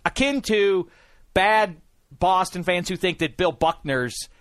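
Animated, opinionated male podcast host. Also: high voice, slow pace, no room sound, studio quality. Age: 40s or older. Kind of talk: casual sports podcast chat.

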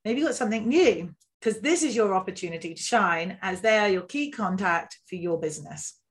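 A woman co-hosting a podcast, explaining business tips in a steady, agreeable way. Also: medium pitch, fairly quick. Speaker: podcast co-host. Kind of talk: casual podcast chat giving business tips.

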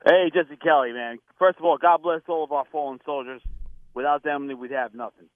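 A man's voice: fairly high pitch, steady tone, a little fast, no room sound. A man calling in to a radio talk show in a friendly, teasing way. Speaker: caller. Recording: tinny phone line.

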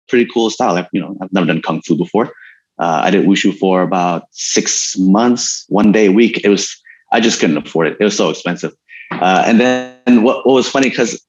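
Man with a very low voice as the interview guest, easygoing rambling talker, slightly dull recording. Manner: relaxed storytelling with many fillers and frequent laughs. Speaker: guest, stuntman and martial artist. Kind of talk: casual interview conversation.

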